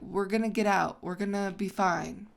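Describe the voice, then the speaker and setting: A woman's voice: medium pitch, steady tone, moderate pace, creaky, close to an everyday voice. A woman voicing a determined frog from a fable that urges its friend on. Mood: encouraging.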